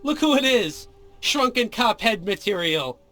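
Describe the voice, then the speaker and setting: An actor playing a mocking young male street tough in a video game, with a slow, taunting drawl. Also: sits high, very animated, full character voice. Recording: game audio under loud music.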